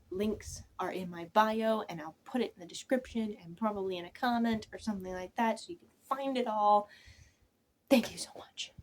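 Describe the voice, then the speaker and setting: A woman's voice: medium pitch, slight background noise. A young woman chatting casually to her viewers, rambling, trailing off and restarting, often sinking to a near whisper. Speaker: channel creator. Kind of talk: casual chat to camera.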